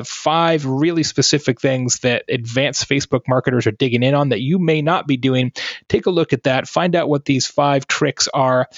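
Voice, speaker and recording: A podcast host reads his sponsor spots in a brisk, practiced way, spelling out web addresses twice. His voice is mid-pitched for a man and sounds close and dry, with a slightly dull, lo-fi quality. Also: no echo. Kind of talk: sponsor read.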